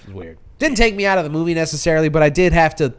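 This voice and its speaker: An American man co-hosting a podcast, chatting casually about a movie, animated and profane, with many restarts. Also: fairly high pitch, very fast, clean tone. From United States. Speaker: podcast co-host. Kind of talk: casual movie review chat.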